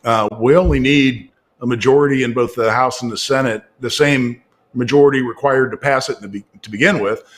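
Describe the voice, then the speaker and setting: A middle-aged man from Indiana talks politics as a guest commentator. He rambles with fillers and restarts and picks up energy when he presses a point. His voice sits at an ordinary pitch for a man. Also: fairly even intonation, a little fast. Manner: talkative, with frequent fillers and restarts. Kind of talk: casual political talk.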